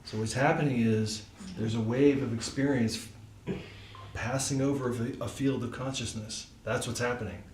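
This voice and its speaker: A man's voice: mid-range voice, fairly even intonation, moderate pace, a little mellow. A man telling a personal story in a loose, chatty way at a devotional gathering, full of fillers. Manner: loose and chatty, many fillers like "like" and "you know". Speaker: speaker at a devotional study gathering. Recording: echoey room, voice far from mic, faint hiss.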